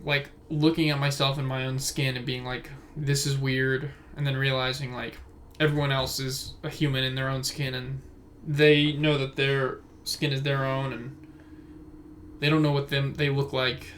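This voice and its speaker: A young man in his twenties hosts a casual solo podcast from his bedroom, recording on his phone and rambling off on tangents. His voice sits mid-range with little pitch movement, moves at a normal speed, and has a fairly bright tone. There's slight background noise.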